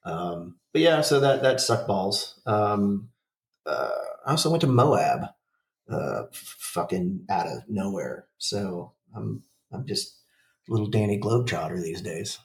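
A man's voice: lowish voice, sing-song, unhurried, gravelly, reverberant, distant mic, a little hiss or hum. A man in his forties, a podcast co-host, chatting casually in a rambling, profane way with lots of fillers and restarts. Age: 40s. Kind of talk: casual chat.

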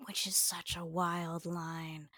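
A woman's voice: on the low side, little pitch movement, takes it slowly, pushed and bright, no echo, clean studio sound. A woman co-hosting a podcast in casual chat, wry and amused as she lays out her theories. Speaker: podcast co-host.

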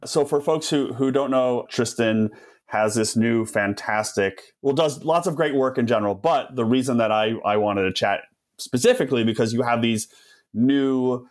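A man's voice: medium pitch, normal speed. A man hosting a podcast, chatting casually and enthusiastically with a guest and laughing easily. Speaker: podcast host. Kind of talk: casual interview chat.

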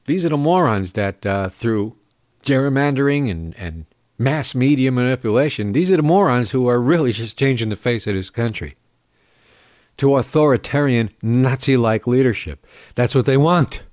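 A man hosting a show, ranting in sarcastic, indignant political commentary with frequent filler pauses. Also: mid-range voice, animated, darkish tone, dry recording, clean studio sound. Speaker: podcast host.

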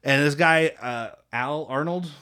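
A man's voice: on the high side, unhurried, pushed and bright, smooth. Rambling man recapping a movie. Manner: rambling, filler-heavy, swears freely. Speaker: podcast co-host. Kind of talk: casual movie recap chat.

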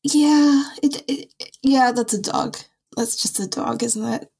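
A woman hosting a casual podcast conversation, chatty and quick to laugh. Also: fairly high pitch, gravelly, a little mellow, breathy edge. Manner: chatty, laughs often, friendly. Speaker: podcast host.

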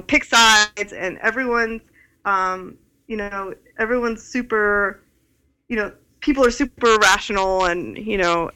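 Bright-voiced woman rambling casually. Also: medium pitch, poor audio. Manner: rambling with many fillers. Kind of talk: casual chat.

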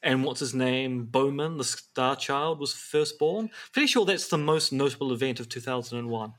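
A man co-hosting a podcast, telling stories in casual chat with wry, quick asides. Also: medium pitch, a bit bright. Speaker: podcast co-host. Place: apartment.

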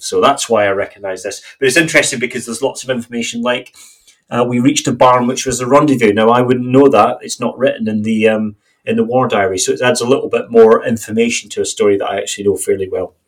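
A man in his forties co-hosting a podcast, talking in a rambling, conversational way. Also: fairly low pitch. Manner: rambling and conversational, with frequent fillers. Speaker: podcast co-host. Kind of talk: casual chat.

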